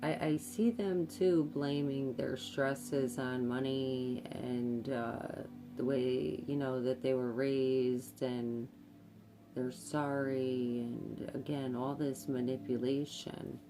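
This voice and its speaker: A woman's voice: rumbling low, fairly even intonation, slow pace, over music. A woman giving a tarot reading, speaking hesitantly with many fillers and repeated words. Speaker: tarot card reader. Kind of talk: intuitive tarot reading to camera.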